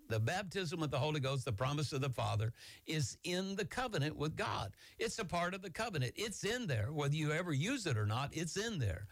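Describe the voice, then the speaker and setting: A man preaching a Bible-teaching sermon as a pastor, talking fast and excitedly in a folksy, homespun way. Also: on the high side, no echo.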